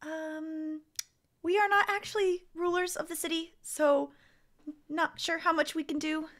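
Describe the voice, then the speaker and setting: A woman's voice: very high voice, steady tone, a little slow, a bit bright. A woman playing a tabletop game who speaks politely and diplomatically in character. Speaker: player. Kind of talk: tabletop role-play.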